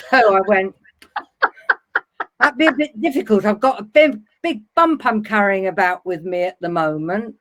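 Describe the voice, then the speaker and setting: A woman's voice: medium pitch, animated, a little slow. A middle-aged woman in casual conversation, reminiscing and telling anecdotes with a laugh. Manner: chatty, reminiscing, laughs at own stories. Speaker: web TV host.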